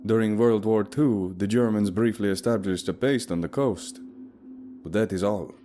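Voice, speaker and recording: A man voicing a calm, stern male polar guide who speaks in a measured, formal, commanding way, over a steady hiss. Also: lowish voice, voice pushed up, lightly acted. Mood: grave.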